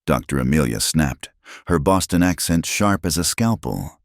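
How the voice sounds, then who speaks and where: A man narrating a story in a steady, measured scripted style. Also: rumbling low, no room sound, clean studio sound.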